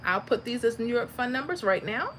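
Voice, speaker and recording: A woman's voice: a little high, lively intonation, brisk, slight background noise, poor audio. A woman from Florida, hosting a casual livestream and answering viewer comments. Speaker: livestream host.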